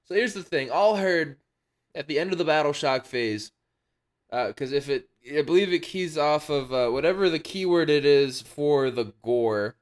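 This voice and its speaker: A man hosting a wargaming channel, talking casually and playfully, with jokey announcer-style moments mixed into relaxed commentary. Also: a little high, normal speed.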